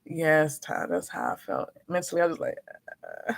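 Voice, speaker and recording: A woman chatting casually as a vlogger, frank and animated, acting out quotes as she tells her story. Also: deep voice, moderate pace, gravelly. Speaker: notary and vlogger.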